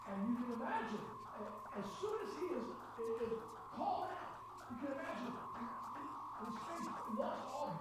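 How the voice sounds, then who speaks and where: A preacher teaching a Bible story in a sermon, animated, asking rhetorical questions and checking in with the listeners. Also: medium pitch, heavy background noise. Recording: echoey room from a distant mic with music.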